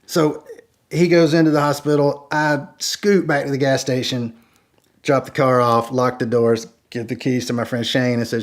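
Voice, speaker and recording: A man's voice: medium pitch, normal speed. A man telling a true story in a casual way, acting out the dialogue and saying "like" often. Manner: animated, acts out each line of dialogue, many "like" fillers. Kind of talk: casual spoken anecdote.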